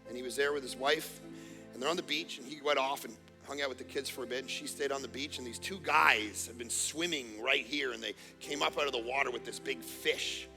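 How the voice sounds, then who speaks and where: A middle-aged man preaching a sermon as pastor, telling jokey family stories and swinging from quiet asides to near-shouting. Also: medium pitch, fairly quick, gravelly, music in the background. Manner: casual, joking storyteller. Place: church auditorium.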